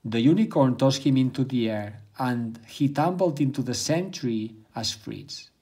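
A man reading a bedtime story aloud in a calm, measured way. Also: mid-range voice.

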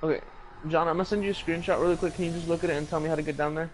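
A man's voice: a little high, fairly even intonation, very fast, slight background noise, low-quality recording. A man playing a game alongside a streamer, asking for help and trading crude, teasing jokes. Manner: teasing, crude joking, easy laughter. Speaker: co-op player. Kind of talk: live gameplay banter.

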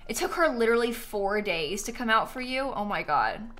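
Young female game streamer: casual, chatty, quick to laugh, with a slightly high voice and keyboard clicks behind. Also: expressive, a bit bright. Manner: chatty, reads quest text aloud, laughs easily. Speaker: gaming streamer. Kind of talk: casual live-stream commentary.

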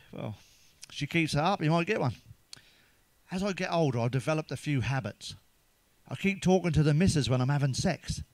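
A middle-aged man with a fairly high voice, telling crude stand-up jokes in a casual, swearing, conversational way and laughing at his own punchlines. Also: lively intonation, moderate pace, a little mellow, no room sound. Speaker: stand-up comedian.

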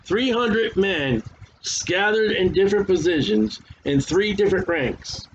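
A man preaches a sermon and reads scripture aloud, talking casually and stumbling over hard names in a worn voice. He speaks a little slowly in a high voice. The dull lo-fi recording has a little hiss or hum.

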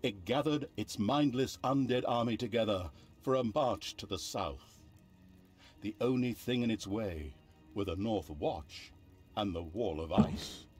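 An actor playing a sardonic narrator of a dark fantasy video game, telling the tale with theatrical dry humor. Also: male voice, on the low side, measured pace, soft background music, natural voice. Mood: wry.

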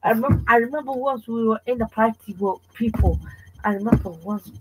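A woman's voice: fairly high pitch, a little fast, heavy background noise. A woman co-hosting a casual podcast chat, agreeing and chiming in with her own stories. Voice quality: very breathy. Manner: chatty, agreeing, interjecting. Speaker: podcast co-host.

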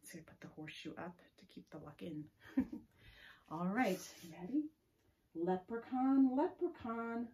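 A woman librarian leading a children's story time gently, often dropping to a whisper. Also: fairly low pitch, expressive. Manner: gentle, often drops to a whisper, drawn-out words.

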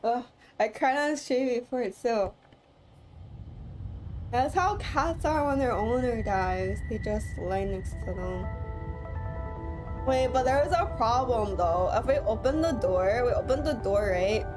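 A woman's voice: on the high side, a little slow. A woman streamer commenting live on a game playthrough, teary after crying and rambling through emotional reactions to the story. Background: game music.

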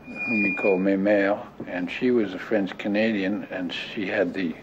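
An older man reminiscing in an interview, talking haltingly with many restarts and fillers. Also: sits low, steady tone. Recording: dull lo-fi audio with clear noise.

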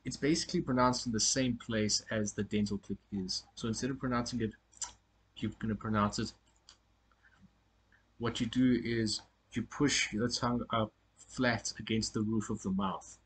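A man giving a casual spoken lesson on pronunciation, often halting and repeating words as he corrects himself. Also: fairly low pitch, fairly bright tone, slight background noise. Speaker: language teacher.

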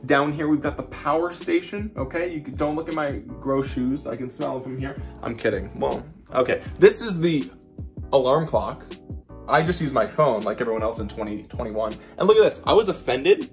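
A man at an ordinary, middle pitch tours a hotel suite for his vlog, rambling casually. He drops sarcastic jokes and deadpan asides, while soft music plays faintly underneath. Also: normal speed. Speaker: vlogger. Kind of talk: casual vlog room tour.

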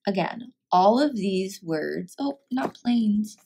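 A woman teacher reading a picture book aloud and walking through a phonics lesson, sounding out words clearly. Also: medium pitch, expressive, takes it slowly, mellow, slight background noise.

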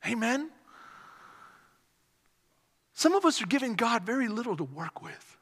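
A male pastor preaching a sermon with animated delivery, repeated refrains and call-and-response. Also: extremely high pitch, unhurried, pauses often, husky. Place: church sanctuary. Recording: long hall reverb.

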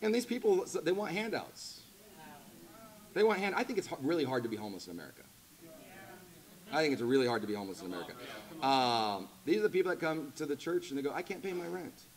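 Animated, lively male preacher. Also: medium pitch, quick pace, pauses often. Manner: animated, rising to loud emphatic peaks; conversational asides with laughter. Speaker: pastor. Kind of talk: sermon. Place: church.

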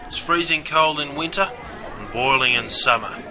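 A man's voice: mid-range voice, normal speed, a crowd in the background, background noise, lightly acted. An Australian-accented man playing a brash, chummy pub barman who talks in slangy, matey banter. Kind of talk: scripted character narration.

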